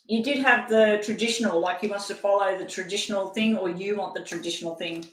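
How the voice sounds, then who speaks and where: A woman's voice: medium pitch, fairly even intonation, fast, roomy sound, poor audio. An older woman giving a chatty, rambling live-stream tarot reading, at times talking while she eats. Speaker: tarot reader.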